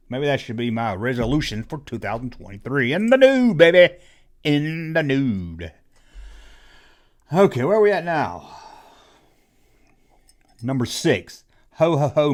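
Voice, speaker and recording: A man in his forties hosting a comedic toy nostalgia rant, sarcastic, rambling and self-mocking. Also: mid-range voice. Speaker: toy channel host.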